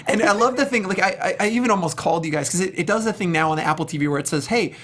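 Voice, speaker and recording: A man co-hosting a casual chat, making sarcastic, deadpan jokes. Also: sits high, very fast, a little hiss or hum. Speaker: podcast co-host.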